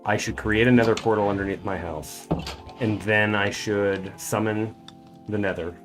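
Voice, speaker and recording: A man's voice: on the low side, fairly even intonation, normal speed, soft background music. A man streaming a game and chatting casually, thinking aloud as he plays. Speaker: streamer and voice actor.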